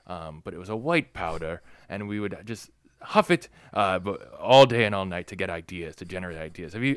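A man in a comedy improv playing an older former president who gives rambling, soft-spoken advice that trails off. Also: on the low side, dry recording.

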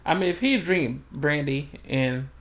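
Slow-talking woman with dry asides. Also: low-pitched. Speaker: podcast co-host. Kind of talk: casual chat.

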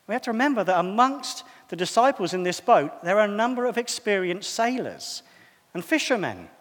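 Male preacher, animated high voice, reverberant hall, chatty and self-deprecating. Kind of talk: sermon.

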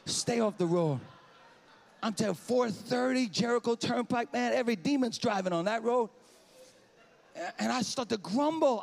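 A man preaching a sermon in a church, swinging from shouted praise to quiet, candid confession. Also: sits high, vocal fry. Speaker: pastor. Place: church sanctuary.

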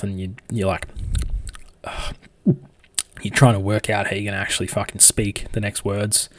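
A man giving relationship advice in a casual monologue, blunt and swearing freely as he acts out little scenes of dialogue. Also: fairly low pitch.

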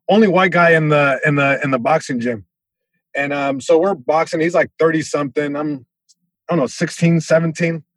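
A male comedian guest telling a story in an animated way, with many restarts and sound effects. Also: on the high side, no room sound.

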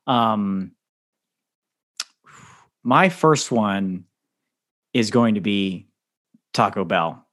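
A man's voice: on the low side, expressive, very slow, long pauses, fairly bright tone. A man co-hosting a podcast in casual chat, rambling and joking with frequent laughs. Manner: rambling, jokey, laughs often. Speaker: podcast co-host.

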